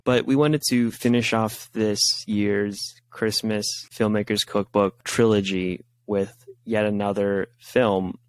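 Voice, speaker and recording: A man hosting a casual film podcast, who talks in a playful, animated way. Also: lowish voice, no echo. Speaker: podcast host.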